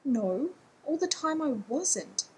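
A woman's voice: fairly high pitch, moderate pace, darkish tone, a little hiss or hum, lightly acted, poor audio. A woman voicing a frantic, rambling young man. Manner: frantic, self-deprecating pleading. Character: anxious, rambling adult man.

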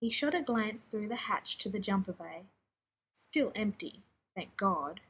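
Husky woman reading a story. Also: medium pitch, animated, measured pace, a bit bright, poor audio. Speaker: narrator. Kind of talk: fan fiction audiobook reading.

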